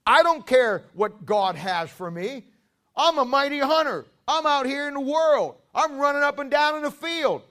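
A man's voice: very high-pitched, animated, normal speed, bright, forceful tone, voice pushed up, heavily acted. A man voicing a careless, boastful young hunter who shrugs off his inheritance, within a sermon. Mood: dismissive.

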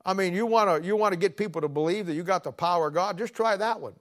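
A man's voice: sits high, fast. A man preaching a sermon, telling a story with a sarcastic, folksy humor and reading scripture aloud.

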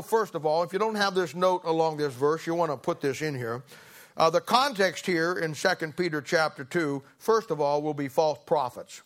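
A man's voice: on the high side, fairly bright tone. A middle-aged man preaching a sermon, telling a homespun story with humor before turning to scripture. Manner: folksy, humorous storyteller who laughs through his anecdotes.

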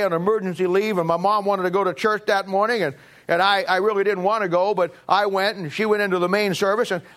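A middle-aged man preaching a sermon, telling a personal story and swinging from emphatic peaks to low, quiet stretches. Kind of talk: sermon testimony.

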